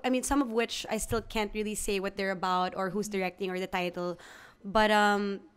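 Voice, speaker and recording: Woman, 30s, podcast guest: warm, candid, stammers and restarts. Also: medium pitch, steady tone, a little fast, smooth. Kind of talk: candid conversational interview.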